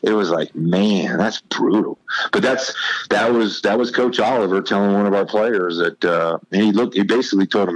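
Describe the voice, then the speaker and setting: Folksy man in his fifties, very low voice, easygoing storyteller. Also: normal speed, poor audio. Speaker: podcast guest, former college football player. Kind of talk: casual storytelling.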